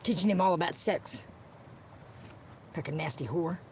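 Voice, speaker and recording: A woman's fairly low, slightly mellow voice moves at a moderate pace as she livestreams from her car. Talking with viewers, she launches into an unscripted, angry rant, swearing at the people in question and repeating herself. There's faint background noise, and dogs are close by.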